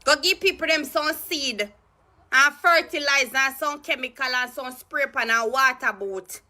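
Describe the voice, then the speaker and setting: A woman's voice: sits high, normal speed, bright, forceful tone. A woman with a Jamaican accent, ranting angrily about politics in a heated, cursing, mocking way. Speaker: political commentary vlogger. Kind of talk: angry ranting commentary in Patois.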